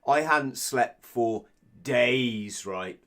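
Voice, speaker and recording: A British man telling his story as a podcast guest, blunt and sweary, with frequent halting restarts. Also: medium pitch, animated, fairly bright tone. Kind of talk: casual candid storytelling.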